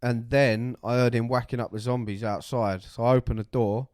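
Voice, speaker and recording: A man's voice: medium pitch, steady tone, normal speed, a little mellow, no echo, clean studio sound. Man telling a gaming story. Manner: swears freely, acts out quoted voices. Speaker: podcast co-host. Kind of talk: casual chat, storytelling.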